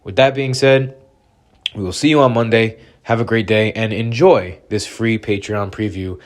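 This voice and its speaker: A man's voice: fairly low pitch, fairly even intonation, moderate pace. A man hosting a podcast, slightly sick, reading an upbeat promo and show intro. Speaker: podcast host.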